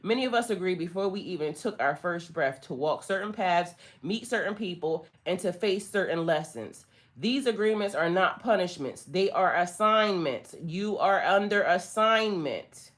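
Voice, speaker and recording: A woman's voice: on the low side, expressive, moderate pace. A woman talks straight to her viewers during a spiritual reading. She is blunt and sassy, swears freely and hammers her points home with emphasis. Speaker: spiritual tarot reader. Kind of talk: casual livestream reading.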